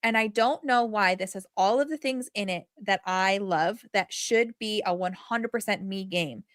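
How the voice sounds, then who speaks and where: A woman co-hosting a podcast in casual chat, animated and rambling with many fillers. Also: medium pitch, moderate pace, dry recording, clean studio sound. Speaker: podcast co-host.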